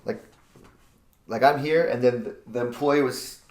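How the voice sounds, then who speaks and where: A man casually telling a personal story, animated and acting out what people said, often repeating words. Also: medium pitch, unhurried, roomy sound. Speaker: guest, jiu-jitsu practitioner.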